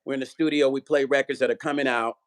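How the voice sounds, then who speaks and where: A man's voice: medium pitch, steady tone, fast talker. A man hosting his own music vlog in a casual livestream chat, reading viewer comments aloud and greeting them.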